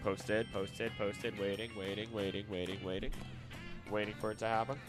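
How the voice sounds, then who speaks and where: A man chatting casually on a live stream, animated and talking to himself and his pet. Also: lowish voice, normal speed, over music. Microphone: desk microphone.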